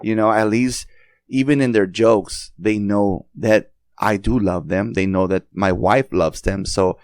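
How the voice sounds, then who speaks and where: A man in middle age chats on a podcast in a lowish voice, often breaking off and repeating words before he finds the thought. The sound is close and dry, with no room around it. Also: steady tone, a little mellow, no echo. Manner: halting, many restarts and repeated words. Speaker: podcast host. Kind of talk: casual conversation.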